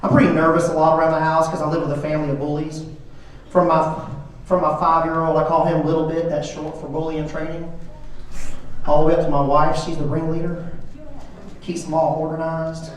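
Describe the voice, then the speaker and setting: A man's voice: fairly high pitch, little pitch movement, quick pace. A middle-aged man doing a self-deprecating stand-up comedy routine on a club stage, with a dry delivery. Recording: echoey club from far off.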